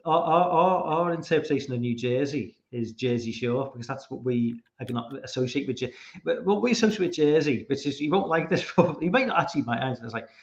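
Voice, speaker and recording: A man's voice: medium pitch, animated, fast. A man from England, chatting casually as a podcast guest and rambling, often repeating words while he thinks. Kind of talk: casual chat. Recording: roomy, dull lo-fi sound.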